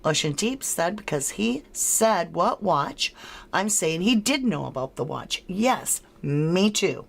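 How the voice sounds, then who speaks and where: A woman's voice: on the low side, very animated, creaky. A woman hosting a true-crime livestream, chatting with viewers, reading their comments aloud and running a poll, laughing often. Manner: chatty and unhurried, laughs often, drawn-out words. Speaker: livestream host.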